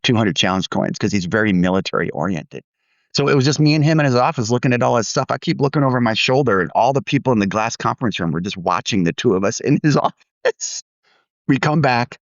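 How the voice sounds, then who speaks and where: A man's voice: on the low side, dry recording, muffled recording. Candid man telling stories on a podcast. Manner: candid, self-deprecating, laughs while telling stories. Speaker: podcast co-host. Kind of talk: storytelling podcast chat.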